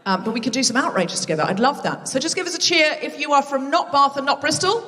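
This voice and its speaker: A woman's voice: sits high, animated, fast, pushed and bright, long reverb tail, recorded from a distance, a little hiss or hum. A woman hosting a live comedy podcast on a theatre stage, chatty and self-mocking as she banters with the audience. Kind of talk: live stand-up hosting with crowd work. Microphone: stage microphone.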